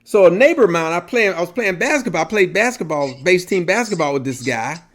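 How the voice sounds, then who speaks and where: A middle-aged man co-hosting a casual talk show, an animated storyteller who laughs often. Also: high voice, fairly quick. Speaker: podcast co-host. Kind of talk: casual chat.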